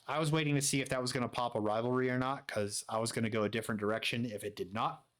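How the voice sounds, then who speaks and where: A man giving quick, offhand commentary as he plays a wrestling management game. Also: mid-range voice, fairly even intonation, a bit bright. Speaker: gaming streamer.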